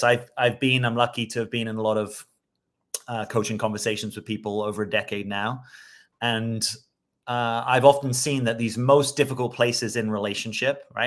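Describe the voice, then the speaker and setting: A man's voice: lowish voice, a bit bright. A man working as a dating coach, talking in a reflective, conversational way on a live stream and answering viewer comments, often checking in with his listeners.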